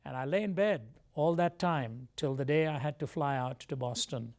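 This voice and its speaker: A man as an interview guest, telling a personal testimony in a measured, reflective way. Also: a little high, a little mellow. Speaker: guest speaker.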